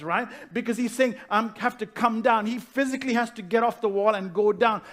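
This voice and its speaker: A pastor preaching a sermon, asking rhetorical questions and slowing down to stress key phrases. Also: male voice, sits high.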